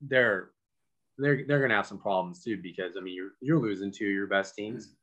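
A man co-hosting a podcast, talking sports in an animated way, full of incredulous, sarcastic asides. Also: lowish voice, a little fast, lo-fi sound. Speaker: podcast co-host. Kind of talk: casual sports chat.

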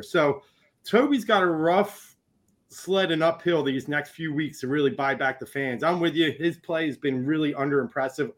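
A man's voice: fairly high pitch, a bit bright. A man co-hosting a sports podcast, breaking down play earnestly with a few fillers. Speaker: podcast co-host. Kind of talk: casual sports talk.

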